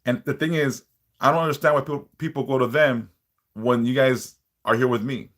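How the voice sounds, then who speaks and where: A man's voice: medium pitch, fairly even intonation, brisk, a bit bright. A man hosting a casual livestream, reading out viewer comments and bluntly warning them with plenty of swearing. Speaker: livestream host, spiritual worker.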